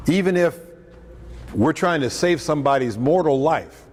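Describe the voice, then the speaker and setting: A man's voice: on the high side, lively intonation, normal speed, darkish tone. A man preaching on scripture in a conversational way, with joking asides and acted-out quotes. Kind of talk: lunchtime talk on scripture. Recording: echoey hall, faint room noise, mic at a distance.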